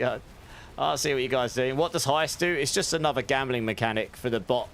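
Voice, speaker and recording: A young man chats away easily while he plays a game on stream, his voice mid-pitched and slightly sore from talking too much. There is a faint hiss of noise behind him. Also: a little fast, vocal fry. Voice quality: chatty, friendly, thanks viewers warmly. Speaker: livestreamer playing a game. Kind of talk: casual gameplay chat with viewers.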